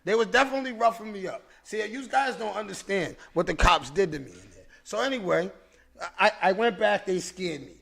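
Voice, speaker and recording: A man hosting a podcast, telling a story in a casual, animated, profane way, with frequent restarts and repeated words. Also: high-pitched, brisk, gravelly. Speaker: podcast host.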